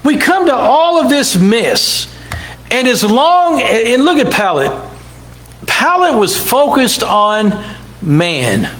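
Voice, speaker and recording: A man's voice: very high-pitched, big pitch swings, slow pace, a bit bright, rough recording. A man preaching a sermon in church, dramatically acting out the people in the scripture stories. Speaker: pastor.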